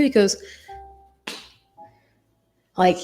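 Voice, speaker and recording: A woman in casual chat, telling a story in a lively way and acting out the people in it. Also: medium pitch, fairly quick, pauses often, soft background music. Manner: animated, acts out quoted people. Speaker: tarot channel host.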